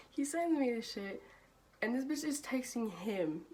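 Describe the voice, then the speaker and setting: A woman's voice: on the high side, lively intonation, a little slow, darkish tone, slight background noise. A young woman telling a storytime vlog in a casual, profane way, laughing often and filling her talk with "like". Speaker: vlogger.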